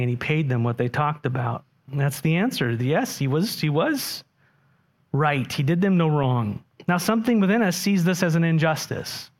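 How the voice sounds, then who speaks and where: A man preaching a sermon, animated and often putting questions to the congregation. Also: mid-range voice. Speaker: pastor.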